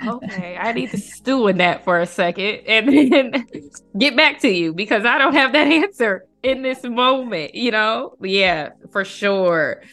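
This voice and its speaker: A woman hosting an interview, chatting casually and telling animated stories with frequent laughter. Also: on the high side, unhurried, soft background music. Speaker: podcast host.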